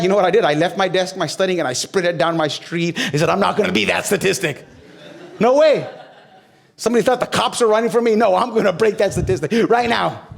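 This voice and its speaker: A man preaching a sermon in a fairly high voice. He talks to the congregation like he is chatting with them, asks them questions and cracks jokes. Then he builds up to loud, soaring peaks. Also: vocal fry. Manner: conversational with humor and direct questions to the crowd. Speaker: pastor.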